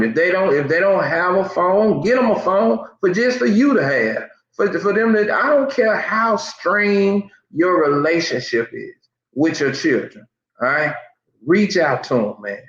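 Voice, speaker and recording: Impassioned man, roomy lo-fi sound. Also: on the high side. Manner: repetitive, emphatic, stammering restarts. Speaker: online news commentator. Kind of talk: impassioned commentary.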